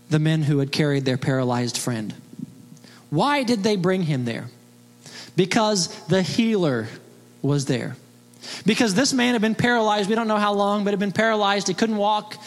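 A man's voice: high-pitched, expressive, normal speed, pauses often. A man preaching a sermon as pastor, emphatic and fond of rhetorical questions. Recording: long reverb of a large hall.

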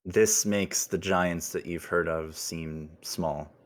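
A man's voice: low-pitched, steady tone, slow pace. A man narrating a tabletop role-playing game as game master, with descriptive scene-setting and laughing asides.

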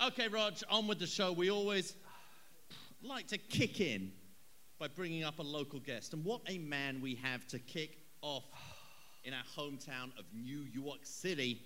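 A man's voice: on the high side, moderate pace, bright, forceful tone, a little hiss or hum. A man hosting a live show, introducing a guest like a showman building hype. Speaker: host. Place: live stage before audience.

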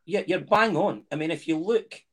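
A man's voice: on the high side, moderate pace, fairly bright tone. A Scottish man chatting on a football podcast, making his points with emphatic anecdotes. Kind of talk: casual chat.

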